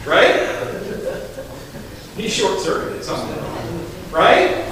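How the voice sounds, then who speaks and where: Animated pastor in an echoey hall. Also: male voice, sits high, unhurried, pauses often, distant mic, a little hiss or hum. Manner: animated, conversational preaching with acted-out quotes. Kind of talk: sermon.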